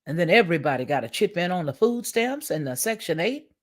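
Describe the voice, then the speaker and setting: A woman's voice: fairly low pitch, big pitch swings, fairly quick. A woman hosting a livestream commentary, speaking in with an emphatic, preachy, repetitive manner. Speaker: commentary channel host.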